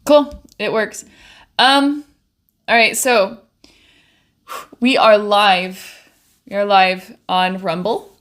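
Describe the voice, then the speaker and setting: A woman's voice: medium pitch, steady tone, drawn-out words, pauses often, fairly bright tone. A young woman livestreaming from her home studio while she paints, chatting in a bubbly, rambling way into a desk microphone. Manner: chatty, bubbly, trails off and restarts. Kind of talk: casual chat while painting.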